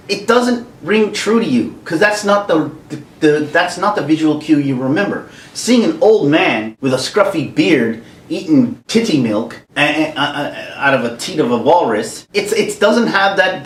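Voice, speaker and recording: Male vlogger, lively and rambling rant, recorded in an echoey room. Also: fairly high pitch. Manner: animated, rambling, repeats words. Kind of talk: opinion rant. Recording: roomy echo, mic far off.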